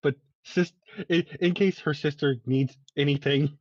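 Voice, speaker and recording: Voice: mid-range voice, fairly even intonation, a little slow, a crowd in the background. A player at a tabletop role-playing game who laughs often and talks in an easygoing way. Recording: dull lo-fi mic.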